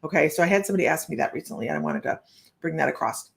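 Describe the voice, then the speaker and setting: A deep-voiced woman with vocal fry and lively intonation streams a psychic reading, speaking very fast. She's chatty and rambling, thinking aloud and greeting her viewers by name.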